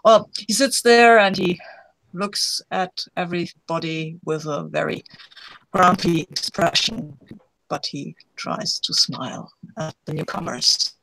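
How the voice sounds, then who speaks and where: A woman player describing a scene in a tabletop game, pausing and rephrasing as she goes. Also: on the low side, animated, fairly bright tone, slight background noise, poor audio. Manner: hesitant, descriptive.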